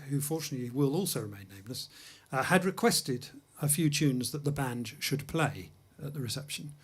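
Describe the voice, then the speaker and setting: An English man, a jazz pianist-singer, hosts a music livestream from a studio, chatting casually between songs with self-deprecating, anecdotal humor. His voice is medium-pitched and slightly rough.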